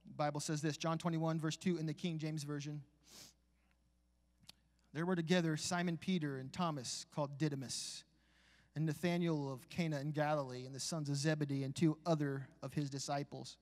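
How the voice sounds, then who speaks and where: A man preaching a live sermon in a church, with folksy asides, building from a conversational tone to shouted exhortation. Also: fairly high pitch, fairly even intonation, normal speed. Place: church sanctuary. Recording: long church hall reverb.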